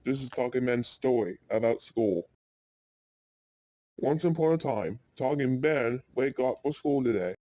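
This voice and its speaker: A man's voice: medium pitch, lively intonation, unhurried, warm tone, no echo. Male storyteller, casual and rambling, dry close sound. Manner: rambling, frequent restarts. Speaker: YouTube storyteller.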